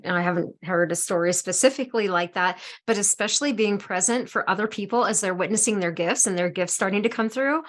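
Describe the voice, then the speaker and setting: Woman, podcast co-host, enthusiastic, encouraging, mid-pitched voice. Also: a bit bright. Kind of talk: casual spiritual conversation.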